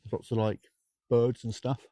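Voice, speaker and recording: A man's voice: mid-range voice, flat delivery, normal speed, warm tone, dry recording. A man hosting a live ghost hunt outdoors at night, rambling, joking and greeting viewers by name, his throat sore and dry. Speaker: ghost-hunting livestream host. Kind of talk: live-stream chat to viewers. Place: outdoors at night by old railway tracks.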